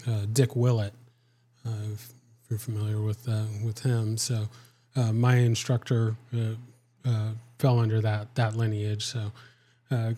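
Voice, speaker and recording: A man interviewing a guest in casual chat, talking hesitantly with many pauses and fillers. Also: fairly low pitch, flat delivery, dark tone.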